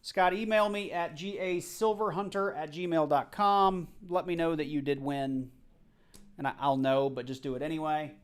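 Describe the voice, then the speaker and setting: A man's voice: fairly high pitch, steady tone, normal speed. A man hosting a casual live stream, chatty and a bit flustered, apologizing as he goes. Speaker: livestream host.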